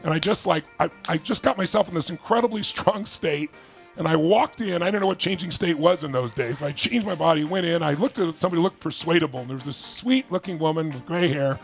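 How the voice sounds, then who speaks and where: A man telling a story from his own life to an audience, animated, acting out the voices of the people in it. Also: on the high side, fast, vocal fry, faint music behind. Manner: animated, acts out quoted voices. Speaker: motivational speaker. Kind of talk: storytelling talk.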